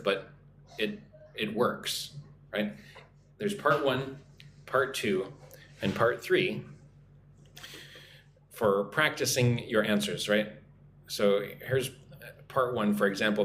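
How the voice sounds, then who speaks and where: A man with an American accent and a mid-range, fairly bright voice runs a live English lesson. He checks in with "right?" often and reads viewer comments out loud. Echo fills the room, and there's faint noise behind him.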